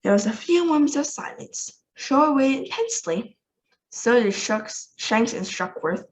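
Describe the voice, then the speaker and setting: A woman reading a children's novel aloud with lively, expressive narration. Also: fairly high pitch, a little slow, rough recording. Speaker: storybook reader.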